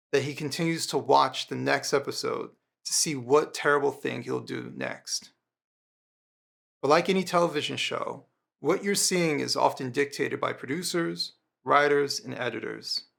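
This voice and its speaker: A man giving scripted narration in a measured, explanatory manner. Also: mid-range voice, creaky, a bit bright.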